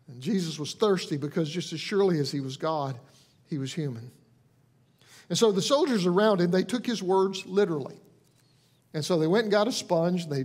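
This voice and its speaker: This sermon comes from a male pastor whose pitch is fairly high. Gentle and earnest, he talks conversationally, restarts phrases often and lowers his voice softly for quoted lines.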